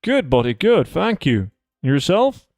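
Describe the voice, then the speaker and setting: A man's voice: on the high side, very animated, a little slow, a little mellow, dry recording, studio quality. A young man streaming a game, chatting casually with viewers and reading their chat messages in a loose, profane, rambling way.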